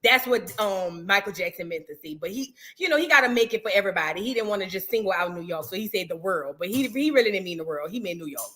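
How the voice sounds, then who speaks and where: A woman hosting a casual reaction livestream, rambling in slang, reading chat and shouting out viewers. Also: mid-range voice, expressive, fast talker, hardly any pauses.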